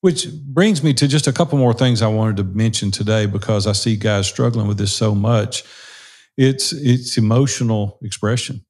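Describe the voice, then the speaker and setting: A man's voice: lowish voice, normal speed, darkish tone. A man in his sixties co-hosting a podcast, talking candidly and encouragingly about marriage in casual conversation. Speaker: podcast co-host.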